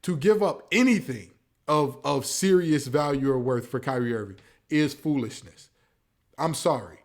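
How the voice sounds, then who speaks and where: A man's voice: medium pitch, moderate pace. A man hosting a casual sports talk show, ranting with mock quotes. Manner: animated, preachy rants with mock quotes. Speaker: podcast host.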